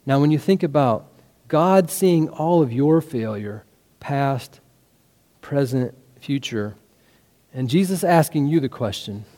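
A man's voice: medium pitch, animated, slow, dark tone. A male pastor preaching a sermon, earnest and full of rhetorical questions. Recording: hall reverb.

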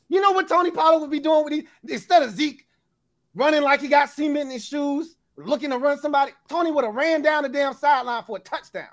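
A man with a high voice argues football on a debate panel. He is animated, talks over the others and laughs through his points. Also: quick pace. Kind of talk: heated sports debate.

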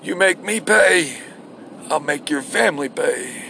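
A man voicing a menacing middle-aged Italian mob boss who makes slow, threatening offers in his car. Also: fairly high pitch, expressive, bright, forceful tone, a little hiss or hum, voice pushed up, heavily acted. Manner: slow, threatening, gravelly drawl. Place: car while driving.

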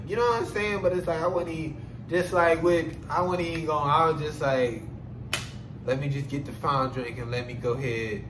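Man, casual storytelling podcast, profane and animated, fairly high voice, roomy echo. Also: fairly quick, a little hiss or hum. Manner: animated and profane, many filler phrases, laughs while telling. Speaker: podcast host.

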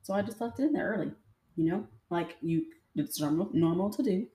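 A chatty woman hosts a casual storytelling show and speaks straight to her listeners. Her voice is lowish and mellow. The recording has a roomy echo. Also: brisk. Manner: chatty, addresses listeners directly. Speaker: podcast host.

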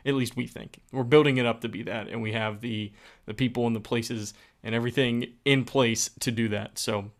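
A man's voice: medium pitch, steady tone, normal speed. A man from West Virginia co-hosting a podcast, upbeat and urging, repeating phrases for emphasis. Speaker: podcast co-host. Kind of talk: casual podcast chat.

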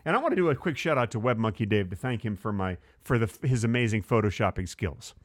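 A man's voice: lowish voice, lively intonation, fast, no room sound, studio quality. A man co-hosting a comedy podcast, joking in casual banter with a playful, mock-serious manner. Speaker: podcast co-host.

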